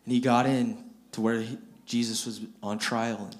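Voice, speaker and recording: Man, preacher, storytelling sermon, plain everyday speech, repeats phrases, mid-range pitch. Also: flat delivery, normal speed. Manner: retells scripture in plain everyday speech, acting out quotes; repeats words and restarts phrases.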